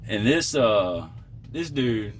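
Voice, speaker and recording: A man's voice: on the low side, expressive, slow pace, a little hiss or hum. A man who drives trucks, telling a story in a casual vlog, rambling with fillers and self-corrections.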